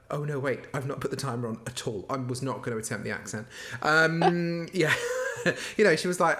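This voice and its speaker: A man's voice: mid-range voice, fairly quick, slight background noise. Jokey man podcast guest. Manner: laughing, lively and jokey storytelling. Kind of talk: casual chat recapping a baking show.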